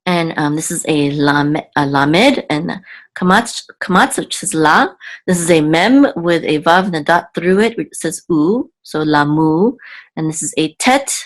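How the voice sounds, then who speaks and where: A woman teaching a reading lesson, patiently repeating and slowly sounding out each word. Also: low-pitched, lively intonation. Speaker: Hebrew teacher. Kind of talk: explaining a reading lesson to camera.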